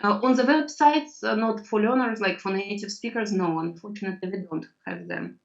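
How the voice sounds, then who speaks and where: A woman's voice: mid-range voice, sing-song. Woman tutoring over a distant line. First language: Russian. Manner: patient, explains slowly, mixes in Russian words. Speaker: language tutor. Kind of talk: online language lesson. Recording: distant, dull video-call audio.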